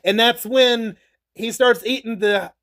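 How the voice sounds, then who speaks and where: A man with a notably high voice talks through movie scenes in a loose, rambling recap. He is casual and a little crude, tossing in swear words and chuckles as he goes. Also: fairly even intonation, slow, a bit bright. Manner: rambling, chatty retelling with frequent laughs and swearing. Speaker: YouTuber reviewing movies.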